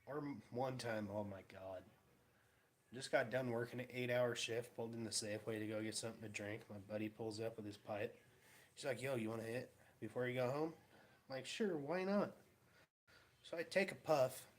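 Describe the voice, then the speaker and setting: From his home garage, a young man shares loose, meandering stories for his vlog, breaking into laughter and performing each quote. He speaks a little fast in a mid-range voice.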